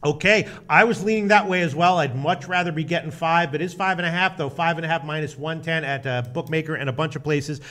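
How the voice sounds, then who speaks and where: Man, sports betting host, rambling, profane, loud exclamations, reads comments, slightly high voice. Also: fairly quick, hardly any pauses. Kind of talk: casual sports betting chat.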